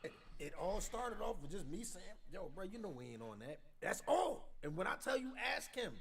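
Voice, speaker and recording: Animated high-energy male storyteller. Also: fairly quick, hardly any pauses. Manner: animated, loud, laughing storyteller. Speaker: streamer. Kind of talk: casual storytelling chat.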